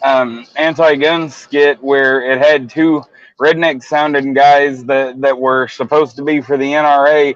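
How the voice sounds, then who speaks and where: A man's voice: medium pitch, level tone, a little slow, no room sound. A man in casual livestream chat, talking bluntly and profanely, rambling with many restarts. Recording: muffled dry lo-fi audio.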